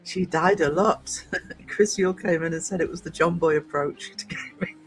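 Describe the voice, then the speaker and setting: A man's voice: fairly high pitch, fairly even intonation, moderate pace, rough recording. A man hosting a casual live stream, chatting and greeting viewers by name, with a cough now and then.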